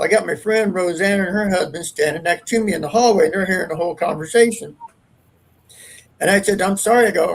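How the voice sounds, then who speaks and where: A man's voice: high-pitched, gravelly, slight background noise, low-quality recording. A man, a paranormal investigator, telling a long ghost story in a rambling, earnest, casual way.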